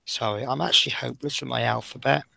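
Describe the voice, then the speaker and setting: A man's voice: mid-range voice, fairly even intonation, quick pace, gravelly, bright, forceful tone, slightly rough, dry recording. A man hosting a live model-building stream, chatting casually and self-deprecatingly as he talks through each step, sounding tired.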